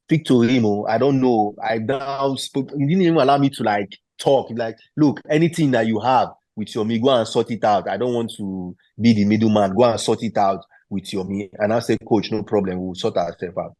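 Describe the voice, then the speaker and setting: A man in his thirties, a former footballer and interview guest, telling a story and acting out the quoted dialogue in an animated way. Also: fairly low pitch, moderate pace, hardly any pauses, dry recording.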